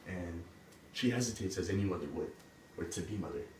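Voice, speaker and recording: Casual low-voiced male storyteller. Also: fairly quick, darkish tone. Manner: casual, full of "like" and "he's like". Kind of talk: casual retelling of a fairy tale. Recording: roomy, distant mic, background noise.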